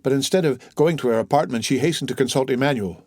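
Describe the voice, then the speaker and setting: A man narrating a classic novel as an audiobook, in a measured, even storytelling manner. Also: mid-range voice, no room sound, clean studio sound.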